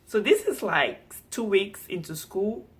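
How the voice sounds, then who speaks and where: A young woman from Cameroon with a Cameroonian accent, telling a storytime vlog in an animated, expressive way. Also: mid-range voice, a little slow. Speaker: vlogger.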